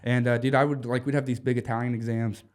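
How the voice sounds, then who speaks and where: A young Louisiana man with a Southern twang, telling stories as a comedian guest in a relaxed podcast conversation. He rambles, swears freely and leans on "dude" between every other phrase, his voice sitting at an ordinary middle pitch. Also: fast. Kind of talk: casual podcast chat.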